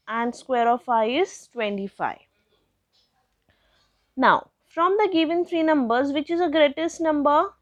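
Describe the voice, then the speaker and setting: High-voiced woman maths teacher. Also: no room sound. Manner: patient, asks questions then answers them. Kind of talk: step-by-step classroom lesson.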